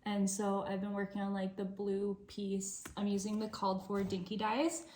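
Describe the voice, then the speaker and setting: A woman's voice: medium pitch, completely flat delivery, moderate pace, darkish tone. Woman chatting about her stitching projects, easygoing, echoey room with a little background hiss. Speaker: flosstube co-host. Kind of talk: casual stitching chat. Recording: roomy echo, faint background noise.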